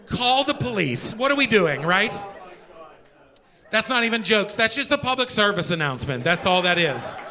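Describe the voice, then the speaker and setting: Stand-up comic, middle-aged man, high lively voice, bright and sharp, energetic and profane. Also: moderate pace. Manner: energetic, profane, swings from loud to muttered asides. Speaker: stand-up comedian. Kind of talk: stand-up comedy set. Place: theater stage before a live audience.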